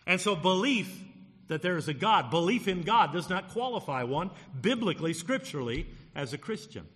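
A man's voice: sits high, very animated, moderate pace, a bit bright, in a large hall. A man preaching a sermon as pastor, pressing hard on key words to drive his points home.

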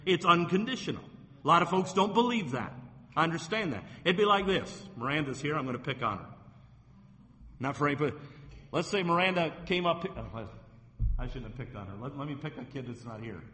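Reading scripture with mounting force, this pastor delivers an emphatic sermon in a fairly high, expressive voice that is pushed and bright and runs a little fast. The church hall adds a long, ringing reverb.

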